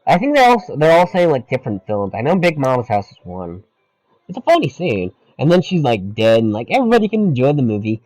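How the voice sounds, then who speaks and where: A man's voice: mid-range voice, wildly swooping pitch, fast talker, a little mellow, no room sound, poor audio. A man co-hosting a podcast, chatting casually and profanely about a comedy film while quoting its lines. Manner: loose and profane, quoting lines in mock voices. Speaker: podcast co-host. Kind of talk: casual movie review chat.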